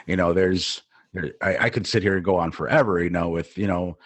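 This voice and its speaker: A man's voice: sits low, fairly even intonation, fairly quick, dry recording. A middle-aged man from New Jersey, co-hosting a podcast and telling a rambling story full of fillers and restarts. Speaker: podcast co-host, DJ. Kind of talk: casual storytelling.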